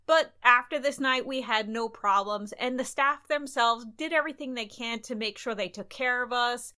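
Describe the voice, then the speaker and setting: A young adult woman co-hosting a travel podcast, telling stories in a lively way and acting out bits of dialogue. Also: fairly high pitch, normal speed. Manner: animated, recounts events with quoted dialogue. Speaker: podcast co-host. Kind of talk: casual travel storytelling.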